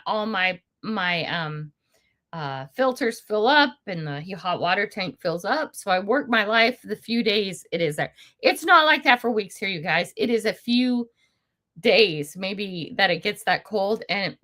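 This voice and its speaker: A woman's voice: medium pitch, animated, a little slow, a bit bright. An older woman hosting a casual livestream from home, chatting in a rambling way, laughing often and answering viewer comments. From United States. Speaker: livestream host. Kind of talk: casual live chat with viewers. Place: at home indoors.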